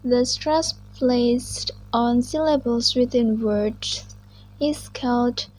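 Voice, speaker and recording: A young woman reading out a class presentation slowly and carefully, with small restarts. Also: a little high, a little mellow, low-quality recording. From Indonesia. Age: young adult. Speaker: student presenter.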